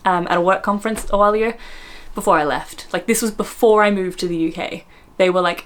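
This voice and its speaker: A woman's voice: lowish voice, fairly quick, a little hiss or hum. An Australian woman from Australia, chatting casually to camera as a vlogger, giggly and self-mocking. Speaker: vlogger host.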